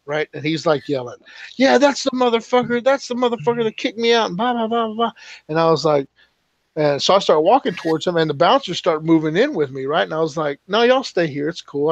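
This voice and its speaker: High-voiced man telling rowdy stories. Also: creaky, no echo, dull audio. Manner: rambling, profane, laughing anecdotes. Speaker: podcast co-host. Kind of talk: casual crude storytelling chat.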